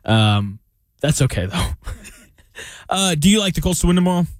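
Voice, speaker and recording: A man co-hosting a casual sports podcast, animated and self-mocking, with many restarts. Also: fairly high pitch, normal speed, no room sound, studio quality.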